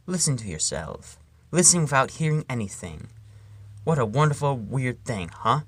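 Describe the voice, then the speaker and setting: Host reading comic poems, slow and dry-sounding, playful swings between loud and hushed. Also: mid-range voice, no room sound. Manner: animated, playful reading with sudden loud and whispered turns.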